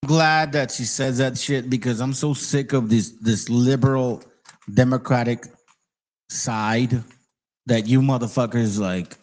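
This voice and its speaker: A man's voice: mid-range voice, fairly even intonation, unhurried, darkish tone, poor audio. A man hosting a channel who reacts to clips in a blunt, profane, street-casual way. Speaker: channel host. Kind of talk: reaction commentary.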